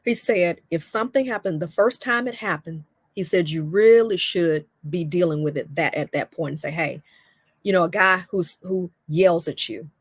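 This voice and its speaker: A middle-aged woman with a low, warm-toned speaking voice talks straight to her viewers on a livestream. Her delivery is direct and emphatic, full of "okay?" and "right?" check-ins. The sound is close and dry, with no room echo. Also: moderate pace, hardly any pauses. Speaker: host. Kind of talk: livestream talk on relationships.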